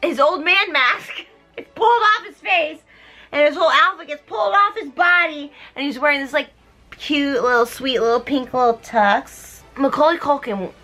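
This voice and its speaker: A young woman, a little drunk, retelling a story in a giggly, animated way and putting on voices for the characters. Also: sits high, normal speed, faint music behind. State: tipsy. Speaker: host. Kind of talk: tipsy comedic retelling.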